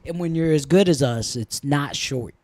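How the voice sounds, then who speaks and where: A podcast host in casual chat, telling a story in a blunt, profane, animated way. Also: male voice, a little high, normal speed.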